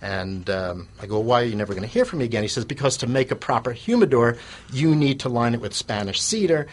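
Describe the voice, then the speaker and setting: A man's voice: mid-range voice, fairly bright tone. A man telling an anecdote in an interview, rambling with restarts and fillers and chuckling at himself. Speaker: guest telling his business story.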